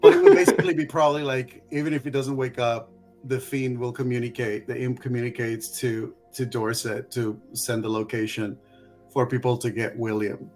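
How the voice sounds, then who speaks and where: Male player, mid-pitched voice, casual rambling, faint music behind. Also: normal speed, darkish tone. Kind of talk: casual table talk.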